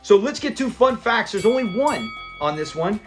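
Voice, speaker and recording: High-voiced man animatedly recapping a sitcom. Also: moderate pace, faint music behind. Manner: animated retelling, laughs often, acts out the characters' lines. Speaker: TV episode reviewer. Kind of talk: casual episode recap.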